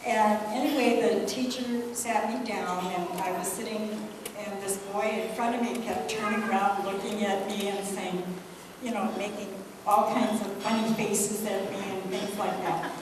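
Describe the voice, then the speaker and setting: Soft-spoken older woman in an echoey hall. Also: medium pitch, fairly even intonation, normal speed, background noise. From United States. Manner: soft-spoken, chatty storytelling. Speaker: guest speaker. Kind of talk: anniversary speech. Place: hotel banquet hall. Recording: echoey banquet hall from far off.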